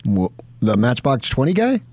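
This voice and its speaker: Man, radio co-host, teasing banter, lively sing-song pitch, dry studio sound. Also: moderate pace, no echo. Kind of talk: joking sports radio banter.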